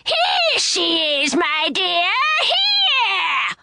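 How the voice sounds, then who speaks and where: A woman's voice: extremely high pitch, big pitch swings, very slow, gravelly, heavy background noise, voice pushed up, heavily acted. A woman voicing a cruel, shrieking vulture goddess, taunting.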